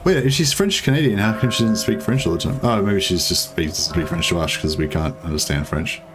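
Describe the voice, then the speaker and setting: A deep-voiced young man speaks briskly over background music. As a gaming streamer, he gives casual let's-play commentary while playing a strategy game, rambling, cracking jokes for his viewers and occasionally cursing.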